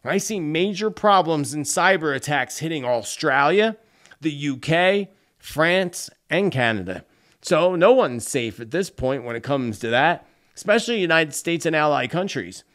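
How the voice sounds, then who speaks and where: A man's voice: a little high, lively intonation, unhurried, fairly bright tone. A man hosting his own channel, earnestly telling viewers his psychic predictions and often calling them friends. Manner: earnest, addresses listeners as "friends". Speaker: psychic host. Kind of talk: solo predictions talk to camera.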